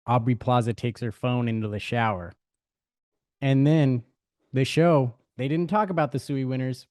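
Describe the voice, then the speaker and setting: A man's voice: medium pitch, darkish tone, clear, resonant tone, no echo. Man rambling sheepishly on a dry mic. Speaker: podcast co-host. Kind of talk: casual sports podcast chat.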